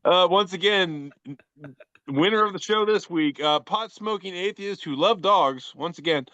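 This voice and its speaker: A man's voice: sits high, moderate pace, pushed and bright, no room sound, muffled recording. A man co-hosting a casual comedy podcast, reading memes in a laid-back, wry, self-mocking way.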